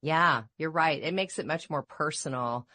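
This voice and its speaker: A woman voice-over coach and radio personality in casual chat, expressive and jokey. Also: low voice, moderate pace.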